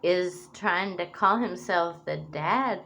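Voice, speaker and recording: Angry rambling woman, low-voiced. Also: takes it slowly, a bit bright, slight background noise. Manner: angry, rambling, swearing, restarting phrases. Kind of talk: emotional monologue to camera.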